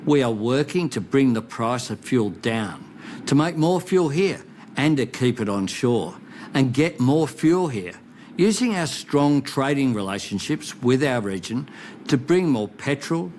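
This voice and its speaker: A man's voice: mid-range voice, very animated, a little mellow, a little hiss or hum. Earnest Australian man giving a national address. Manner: measured, reassuring and earnest. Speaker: national leader. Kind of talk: formal televised address.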